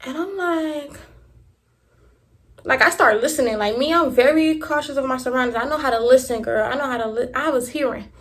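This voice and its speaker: A young woman from Miami, telling a story in a vlog in an animated, profane and emphatic way. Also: sits high, brisk. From Miami, Florida. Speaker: vlogger.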